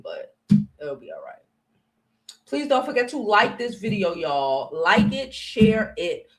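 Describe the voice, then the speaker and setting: An American woman who hosts her own channel gives a livestream commentary rant. Blunt, profane, and confrontational, she alternates between loud outbursts and quiet muttering.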